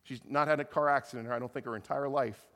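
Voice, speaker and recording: A man preaching a sermon in a relaxed, conversational way, often restarting his sentences. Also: mid-range voice, big-room sound. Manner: conversational, halting with many restarts. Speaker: pastor. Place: church meeting room.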